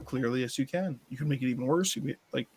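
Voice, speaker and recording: A man's voice: medium pitch, fast, a little mellow, breathy edge, no echo. A man co-hosting a casual movie review chat, joking and quoting lines in put-on voices, laughing often. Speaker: podcast co-host.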